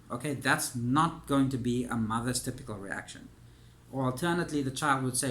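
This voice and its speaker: A man coaching in a monologue, halting and filling his talk with "you know" and "um". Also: medium pitch, a bit bright, a little hiss or hum. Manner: halting, filler-heavy, says "you know" constantly.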